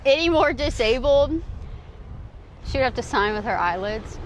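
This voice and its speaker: Woman streamer, high lively voice, slow unhurried chat, laughs at herself, outdoor beach setting. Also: a little hiss or hum. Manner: giggly, rambling, self-mocking. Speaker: livestreamer. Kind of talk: casual live stream chat.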